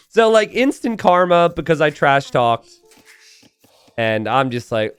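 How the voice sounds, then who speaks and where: Animated chatty man commentating a game. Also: fairly high pitch, unhurried, clean tone. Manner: chatty, animated storytelling with frequent "uh" fillers. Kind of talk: casual gameplay commentary.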